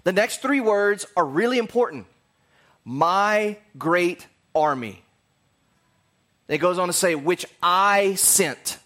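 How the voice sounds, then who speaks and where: A man's voice: high-pitched, expressive, slow, fairly bright tone. A man teaching a casual sermon, conversational and rambling with jokey asides.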